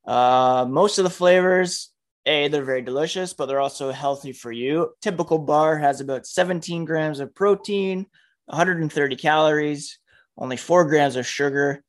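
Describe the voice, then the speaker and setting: Casual male podcast host, reads ads then chats. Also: fairly high pitch. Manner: easygoing, chatty. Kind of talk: ad read and casual chat. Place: home with children nearby.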